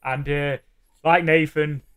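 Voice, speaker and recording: A man's voice: a little high, steady tone, slow pace, a bit bright, clear, resonant tone. A man in casual chat with friends, enthusiastically retelling film scenes and laughing. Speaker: podcast co-host.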